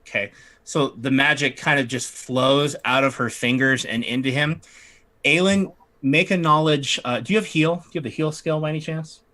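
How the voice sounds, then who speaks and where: A man narrating a tabletop game as game master, relaxed and chatty with frequent fillers. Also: a little high, moderate pace.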